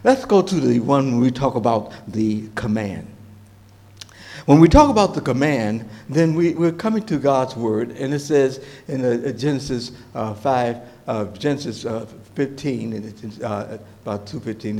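Animated, lively-voiced male pastor. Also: medium pitch, measured pace, gravelly. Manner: animated, emphatic, with fillers and restarts, asks the congregation questions. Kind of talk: sermon.

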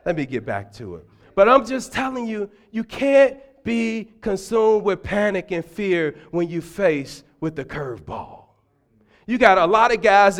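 High-voiced, animated male preacher. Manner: animated storytelling, humorous asides, loud bursts. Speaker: deacon preaching. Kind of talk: sermon. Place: church.

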